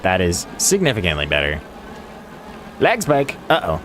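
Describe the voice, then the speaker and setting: A man's voice: low voice, huge pitch swings, normal speed, a bit bright, slight background noise. A man streaming a building game, chatting casually to his viewers and to himself as he plays, laughing often. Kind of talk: casual live-stream commentary. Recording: faint music behind.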